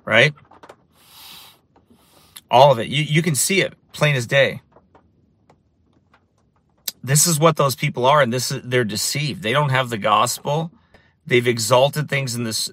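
A man's voice: mid-range voice, a bit bright, no echo. A man who preaches on the street tells stories in a casual monologue, often repeating phrases for emphasis. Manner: repetitive, restarts phrases for emphasis.

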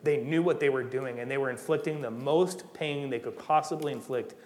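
A man's voice: medium pitch, a little fast. Man preaching in a reverberant hall. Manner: animated, conversational preaching with rising emphasis. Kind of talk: sermon.

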